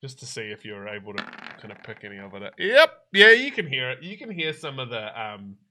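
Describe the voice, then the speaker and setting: A man running a tabletop game, narrating with hesitant fillers and quick laughs. His voice moves a lot, bright and lively. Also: mid-range voice, slight background noise. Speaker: dungeon master.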